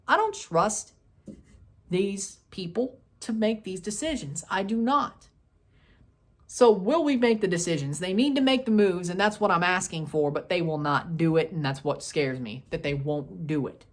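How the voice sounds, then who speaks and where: A man hosting a soccer review video, ranting and scolding in repeated short bursts, with loud outbursts and low grumbling. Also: normal speed. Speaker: soccer fan video host. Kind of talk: post-match review rant.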